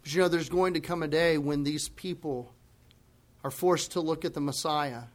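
Impassioned high-voiced male preacher. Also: fairly even intonation, moderate pace. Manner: impassioned preaching, swinging from loud emphasis to hushed, grave asides. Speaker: pastor. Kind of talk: sermon.

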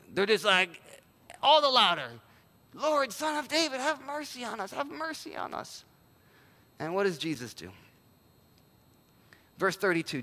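High-voiced preacher in an echoing hall. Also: male voice. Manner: animated preaching, voices quoted figures, drops to near-whisper for emphasis. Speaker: pastor. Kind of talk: sermon. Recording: long hall reverb.

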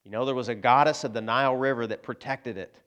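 A man's voice: medium pitch, fairly even intonation, quick pace, fairly bright tone. A man preaching a sermon in a conversational way, talking straight to his congregation and acting out quoted voices. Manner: conversational preaching, asides to the congregation, frequent restarts; acts out quoted voices in prayer and dialogue. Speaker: pastor.

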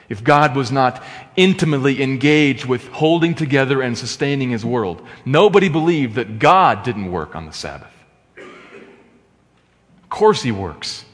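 A man preaching a sermon as pastor, swinging between loud emphatic stresses and hushed, quiet asides. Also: mid-range voice, in a large hall.

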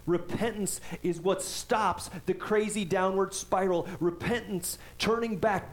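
A pastor with a voice a little higher than most men's preaches in a loose, conversational style, throwing quick "right?" asides to the congregation. He reads scripture with strong emphasis, and the recording is rough.

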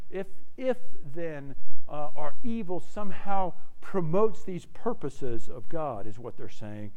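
A man's voice: fairly high pitch, darkish tone, rough recording. A man preaching a sermon as pastor, in a conversational way that keeps checking in with "right?" and repeats words as he starts a thought.

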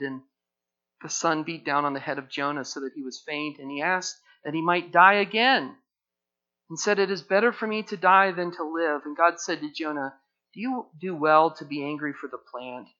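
Male preacher, sermon, emphatic scripture reading, bright edgy voice, slightly raised pitch, dull lo-fi sound. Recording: dull lo-fi recording.

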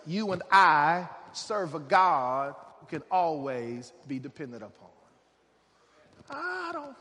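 A man preaching a sermon, building to shouted emphasis with repeated refrains. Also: high voice. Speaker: pastor. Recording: long hall reverb.

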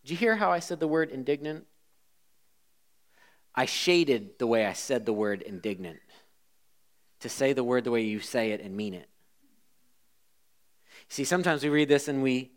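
A man preaching a sermon as a pastor, swinging between loud emphasis and hushed asides. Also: medium pitch, animated, moderate pace, pauses often.

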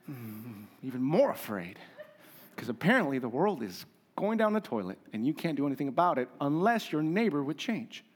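A pastor preaching a conversational, emphatic sermon with humor and rhetorical questions. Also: male voice, fairly high pitch.

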